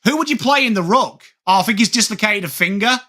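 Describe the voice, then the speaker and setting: A man with a Yorkshire accent hosts a live football watchalong, talking casually with viewers and answering chat comments. His voice sits a little high and has a bright, forceful edge. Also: lively intonation, fast. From England. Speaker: livestream host.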